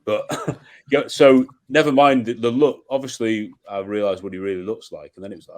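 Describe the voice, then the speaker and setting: Deep-voiced man musing over films. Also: fairly even intonation, moderate pace, darkish tone. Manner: reflective, musing, with restarts. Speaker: podcast guest. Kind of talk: casual film discussion.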